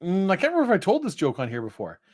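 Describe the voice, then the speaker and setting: A man co-hosting a relaxed late-night live stream, telling a meandering joke at an unhurried pace. He stops and restarts often, with plenty of filler words. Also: high-pitched. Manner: rambling, hesitant joke-telling with many fillers. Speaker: co-host. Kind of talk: casual chat.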